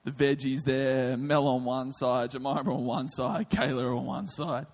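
A man preaching a sermon, telling a comic story in an animated way with quick asides. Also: mid-range voice. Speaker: pastor. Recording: reverberant hall.

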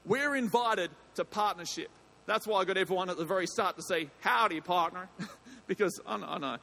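A man's voice: sits high, fast, vocal fry, pushed and bright. A man preaching an evening sermon in a church, chatty and jokey, often breaking off mid-sentence and bursting into emphasis. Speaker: pastor. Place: church hall.

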